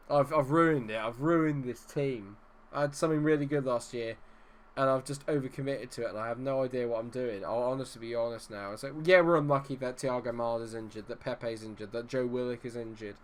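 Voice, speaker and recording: A man talks through a football management game as he plays, in an exasperated, self-deprecating ramble. His voice sits at an everyday middle pitch for a man. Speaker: gaming channel host. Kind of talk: live gameplay commentary.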